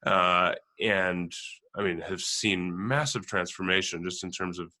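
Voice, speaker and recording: Very deep, bright-voiced male host. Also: measured pace. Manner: relaxed, storytelling with fillers. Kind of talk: conversational interview.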